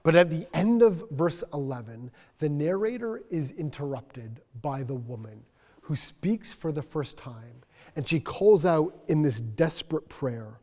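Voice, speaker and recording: Male pastor, unhurried earnest sermon delivery, reverberant sanctuary sound. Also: fairly high pitch, expressive. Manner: earnest, reflective, soft-spoken at key points. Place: church sanctuary.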